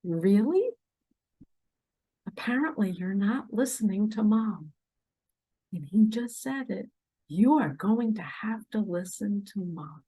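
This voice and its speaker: A woman giving an impassioned monologue, swinging between loud pleas and hushed asides. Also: medium pitch, lively intonation, slow, pauses often, husky. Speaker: self-described spiritual messenger. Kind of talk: emotional monologue to camera.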